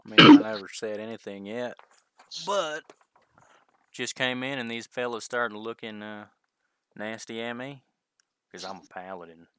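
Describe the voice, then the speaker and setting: A man with a lowish voice playing a tabletop game and speaking for his paladin. He sounds defensive and exasperated and swears often. The talk is casual and unpolished. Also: expressive, moderate pace, pauses often, fairly bright tone, clean tone, no echo. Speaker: player. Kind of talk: in-character tabletop play.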